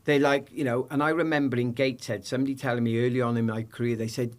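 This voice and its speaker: A middle-aged British man, a podcast guest, telling lively anecdotes in casual chat and acting out the people in them. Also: medium pitch, racing, few pauses.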